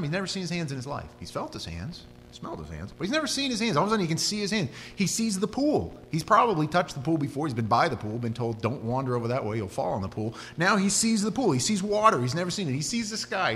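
A man preaching a sermon, telling the story with animated, conversational storytelling that rises and drops. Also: high voice, fast, hardly any pauses. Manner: animated storytelling, voice rising and dropping. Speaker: pastor. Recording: hall reverb with faint hum.

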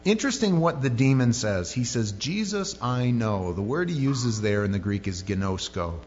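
Male pastor, conversational sermon, lively pitch, dull lo-fi recording, faint music behind. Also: moderate pace, in a large hall. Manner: conversational and joking, with many asides.

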